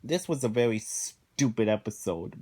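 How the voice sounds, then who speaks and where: A man's voice: mid-range voice, animated, moderate pace, mellow, husky. A man giving a casual spoken review of cartoon episodes, exasperated, sighing often and rambling through his points.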